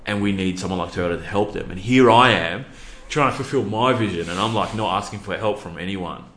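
A man's voice: low-pitched, fairly quick, fairly bright tone, reverberant, a little hiss or hum. A man, a youth worker, telling a personal story earnestly with many fillers and restarts. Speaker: podcast guest, youth worker.

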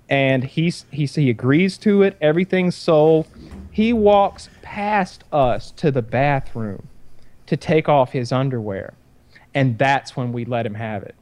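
A man's voice: mid-range voice, a little slow, a little mellow, dry recording. A man telling a long story in casual chat, profane and rambling. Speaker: podcast storyteller.

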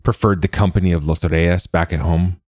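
A man voicing a weary middle-aged male tunnel worker who asks quiet, probing questions. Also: sits low, steady tone, moderate pace, dry recording, studio quality, natural voice. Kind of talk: audiobook character voice.

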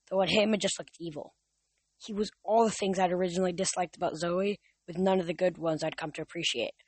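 A man's voice: sits high, a bit bright, slightly rough, no echo. Young man reading aloud, dry close sound. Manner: halting, with restarts and fillers. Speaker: podcast reader. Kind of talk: casual audiobook reading.

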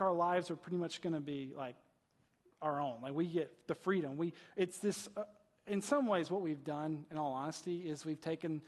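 Casting: male pastor, fairly high husky voice, casual chatty sermon, long reverb of a big hall. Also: a little mellow. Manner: conversational preaching, asks rhetorical questions, frequent "right?".

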